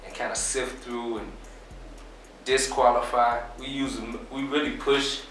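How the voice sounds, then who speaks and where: A man being interviewed, explaining his business in a relaxed, casual way with plenty of fillers. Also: medium pitch, a little slow, recorded from a distance, slight background noise. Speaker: interview guest, business owner. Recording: very echoey room, off mic.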